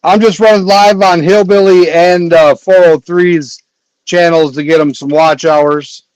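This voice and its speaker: A man hosting a casual livestream, chatting in a rambling way with filler pauses. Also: on the high side, fairly even intonation, a little mellow, clean tone, no room sound, low-quality recording. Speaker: livestream host.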